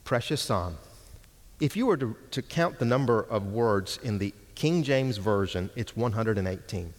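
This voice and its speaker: A man teaching Hebrew from the pulpit, preaching slowly and emphatically, repeating words for stress. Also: fairly low pitch, animated. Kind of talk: sermon with Bible exposition. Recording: long hall reverb.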